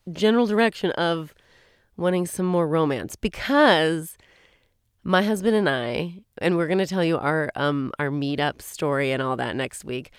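Recorded solo in a small home closet, this podcast co-host in her forties rambles chattily and often cuts herself off mid-thought. She has a lowish, clear, resonant voice, and the audio is studio quality with no room sound.

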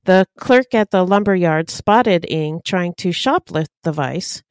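Woman, podcast co-host, matter-of-fact, smooth, low-ish voice. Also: expressive, a little slow, no room sound. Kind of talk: reading case details in casual chat.

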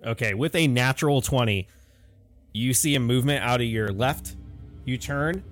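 A man's voice: mid-range voice, moderate pace, fairly bright tone, faint music behind. A man narrating as game master in a tabletop role-playing game, casual and descriptive with frequent fillers.

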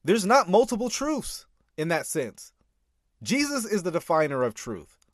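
A man gives animated reaction commentary, pushing back on a preacher with emphatic repeats and bursts of laughter. His pitch swings widely as he argues. The sound is dry and close. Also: a little slow, no echo. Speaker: commentator reacting to a sermon clip. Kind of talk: reaction commentary with scripture reading.

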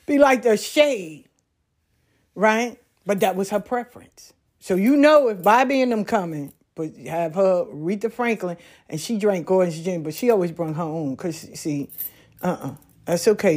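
A woman talking casually on a back porch outdoors, telling stories in a folksy, animated way. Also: mid-range voice, moderate pace, slightly rough. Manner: folksy, animated storytelling with laughs. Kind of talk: casual monologue.

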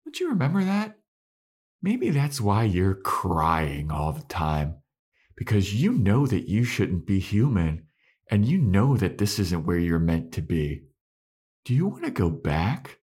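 A man's voice: sits low, wildly swooping pitch, unhurried, a little mellow, slightly rough, full character voice. A man voicing a cold, mocking young witch who taunts her listener while recapping a show on a podcast. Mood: taunting. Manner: taunting, menacing.

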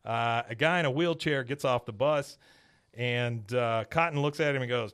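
Man, casual podcast host, bright tense tone, middle pitch, animated retelling. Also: moderate pace, clean tone. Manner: animated storyteller, acts out quotes. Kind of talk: casual episode recap.

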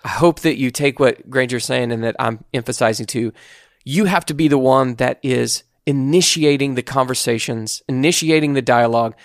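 A man's voice: mid-range voice, dry recording, clean studio sound. Earnest man giving faith advice. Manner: earnest, reflective, slow and searching. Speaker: podcast co-host. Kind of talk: casual faith advice chat.

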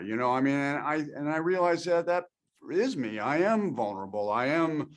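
A male actor giving thoughtful interview answers, pausing and restarting often as he works out his thoughts. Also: on the high side, lively intonation. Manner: thoughtful, halting, with many restarts.

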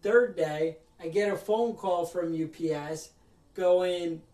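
High-voiced man ranting in an echoey room. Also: unhurried, dark tone, recorded from a distance. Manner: ranting storyteller, acts out other people's lines. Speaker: podcast host. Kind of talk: casual podcast chat.

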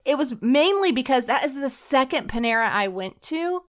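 Lively, animated woman telling a story. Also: sits high, normal speed. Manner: animated, laughing, breathless storytelling. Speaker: podcast co-host. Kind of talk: casual chat, telling a story.

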